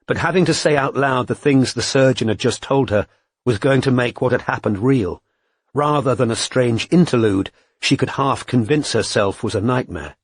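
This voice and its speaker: Husky male audiobook narrator. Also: medium pitch, normal speed, dry recording. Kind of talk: scripted narration.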